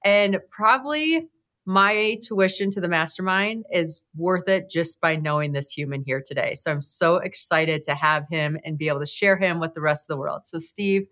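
A woman's voice: on the low side, normal speed, a bit bright. A woman hosting a podcast, who introduces her guest with enthusiasm and keeps the talk going with keen, encouraging replies. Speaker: podcast host. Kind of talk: podcast interview.

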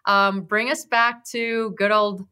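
Bright-voiced enthusiastic woman host. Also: medium pitch, steady tone, slow, smooth. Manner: enthusiastic, warm encouragement. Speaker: podcast host. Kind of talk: podcast interview.

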